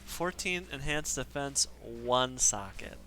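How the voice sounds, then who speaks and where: A man's voice: mid-range voice, animated, slow, sharp tone, faint music behind. A man streaming a game live, chatting casually and self-deprecatingly with his viewers. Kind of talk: casual live-stream chat while gaming.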